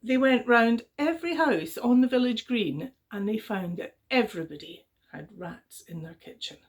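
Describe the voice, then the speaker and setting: A middle-aged woman telling a traditional story to young children in a gentle, chatty way, with fillers and little voiced exclamations. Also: fairly high pitch, moderate pace.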